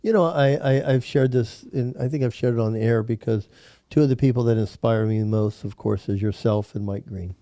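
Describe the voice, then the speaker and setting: Guy hosting a talk show, spinning a story, mellow dark tone, dry close sound. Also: medium pitch, a little fast, dry recording. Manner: animated storyteller, repeats words when starting. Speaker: show host. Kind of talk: casual talk show conversation.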